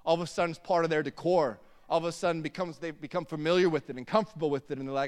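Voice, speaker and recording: A man's voice: a little high, fairly even intonation, racing, few pauses. A man in his thirties preaching a sermon, mixing humorous family stories with emphatic preaching in a church hall. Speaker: pastor. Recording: long hall reverb.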